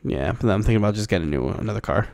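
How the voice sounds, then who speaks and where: A young man in casual podcast chat, ranting and swearing with loud, animated jumps in pitch. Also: racing, gravelly. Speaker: podcast co-host.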